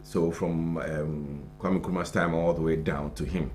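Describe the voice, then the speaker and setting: Deep-voiced Ghanaian man reviewing news. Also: steady tone, unhurried, a little mellow, soft background music. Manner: conversational, reads headlines then adds loose comment. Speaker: morning show co-host reading news. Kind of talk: casual news review chat. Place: broadcast studio.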